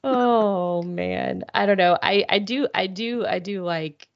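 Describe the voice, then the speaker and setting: A woman's voice: mid-range voice, takes it slowly, gravelly, no echo. A woman co-hosting a podcast in casual chat, laughing easily. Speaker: podcast co-host. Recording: slightly dull, dry podcast audio.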